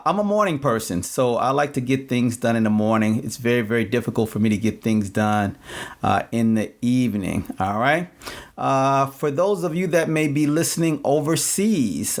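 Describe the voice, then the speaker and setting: A man hosting a solo podcast, chatting casually with lots of fillers and repeating his questions. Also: mid-range voice. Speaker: podcast host. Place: home in Phoenix, Arizona.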